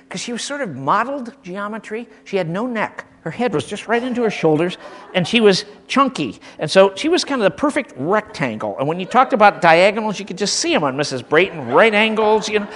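With slight background noise behind him, a high-voiced man from Michigan recounts comic anecdotes about teachers from his school days. He's animated and casual, acting out quotes and frequently restarting.

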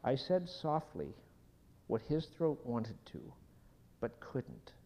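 A man preaching a sermon, telling a personal story slowly and dropping at times to a hushed whisper before leading a prayer. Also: mid-range voice, sing-song. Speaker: pastor. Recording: dull sound in a hall with long reverb.

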